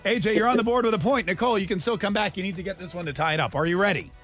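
Male morning radio host, high voice, rapid playful delivery, faint music under him. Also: a bit bright. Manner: joking, playful, quick-talking. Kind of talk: casual radio banter and quiz hosting.

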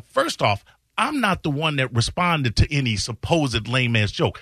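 A man's voice: on the high side, very animated, moderate pace, pushed and bright, no room sound, clean studio sound. A man hosting a radio show, telling a story with sarcasm and reading out tweets in mocking voices. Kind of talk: casual talk-radio storytelling.

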